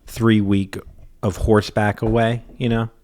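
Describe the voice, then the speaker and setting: A man's voice: fairly low pitch, flat delivery, unhurried, a little mellow, slight background noise. A young man co-hosting a comedy podcast, chatting casually in a blunt, profane, joking way. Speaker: podcast co-host.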